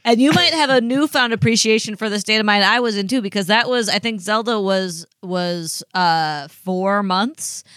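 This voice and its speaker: Smooth-voiced chat guest, dry recording. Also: mid-range voice, fairly even intonation, moderate pace, few pauses, fairly bright tone, no echo. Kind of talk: casual chat.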